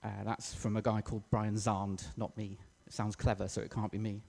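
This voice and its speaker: Preacher in an echoey church. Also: male voice, lowish voice, flat delivery, a little fast, darkish tone. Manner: casual, self-deprecating, with fillers. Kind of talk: sermon.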